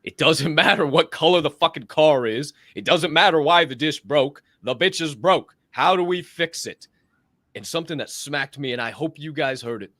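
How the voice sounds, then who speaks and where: A man's voice: on the high side, normal speed, fairly bright tone, no echo, studio quality. A man co-hosting a podcast in casual chat, emphatic and profane, hammering his points home. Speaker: podcast co-host.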